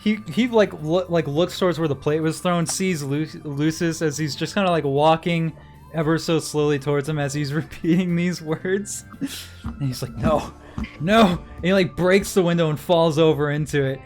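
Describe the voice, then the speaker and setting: A man's voice: fairly high pitch, normal speed, darkish tone, faint music behind. A man running a tabletop game as game master, narrating scenes with frequent laughs and restarts.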